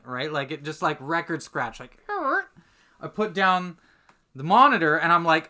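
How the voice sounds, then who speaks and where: A man telling a lively anecdote as a guest on a casual podcast, full of fillers and restarts. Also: on the high side, moderate pace. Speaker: podcast guest, commercial content producer. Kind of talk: casual storytelling chat.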